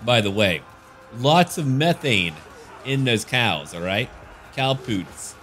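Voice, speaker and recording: A man's voice: mid-range voice, expressive, slow, fairly bright tone, slight background noise. A man giving casual, jokey commentary over a strategy game battle. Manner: goofy, jokey, slips into silly voices. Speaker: gaming YouTuber.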